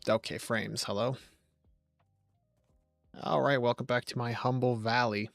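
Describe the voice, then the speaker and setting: A young man talks through a live game stream in a loose, chatty, self-joking way. His mid-pitched voice has a lot of vocal fry in it. Faint game music sits quietly behind his desk-mic sound. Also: fairly even intonation, moderate pace, long pauses, dry recording, clean studio sound. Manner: rambling, chatty, jokey, talks to chat. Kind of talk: casual gameplay commentary on a live stream.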